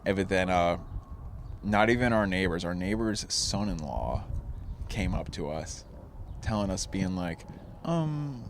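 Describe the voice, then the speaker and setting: A young man talks in a loose, rambling way, plainly high, with plenty of swearing and laughter. His voice sits low. Faint outdoor ambience hangs behind him. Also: animated, unhurried, long pauses, slight background noise. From New Jersey. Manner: rambling, laid-back, swears a lot, laughs often. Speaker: guest comedian. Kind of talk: casual chat. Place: outdoors on a porch.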